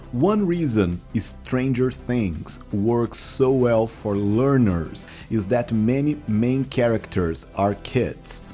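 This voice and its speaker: Slow, mellow-voiced male teacher. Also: mid-range voice. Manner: slow, careful, repeats phrases to demonstrate. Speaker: English teacher. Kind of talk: language lesson.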